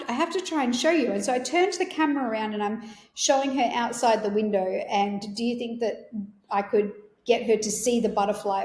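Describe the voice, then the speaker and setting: A woman's voice: on the high side, a little mellow, roomy sound. A woman, hosting a podcast and telling a personal story in an earnest, emotional, rambling way. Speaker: podcast host.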